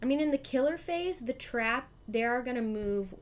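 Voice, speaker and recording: A woman's voice: fairly high pitch, lively intonation, normal speed. A woman hosting a live board game stream, chatting, thinking aloud about her moves and thanking her chat. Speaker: streamer host.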